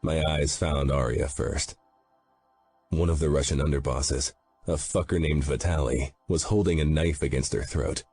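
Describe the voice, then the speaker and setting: A man with an extremely low, dark, husky voice narrates an audiobook in first person. His delivery is grim and brooding, with soft music playing underneath. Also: fairly even intonation, moderate pace, no echo. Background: faint background music.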